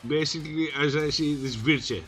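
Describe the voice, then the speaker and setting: A man's voice: fairly high pitch, fairly quick, fairly bright tone, faint music behind. A man who is not a native English speaker, co-commentating a live sim race in a laid-back, analytical way.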